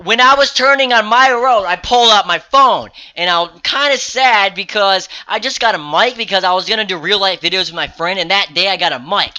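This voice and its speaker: A teenage boy with a high, very bright, sharp voice rambles through a story for his vlog. He swears constantly and talks with restless excitement. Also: brisk, hardly any pauses, clean tone. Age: teens. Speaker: vlogger. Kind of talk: casual storytelling to camera.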